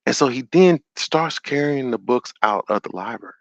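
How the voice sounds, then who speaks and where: A man hosting a call-in show, retelling a story in an animated, sermon-like way and acting out the quotes. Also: mid-range voice, moderate pace, no room sound, muffled recording.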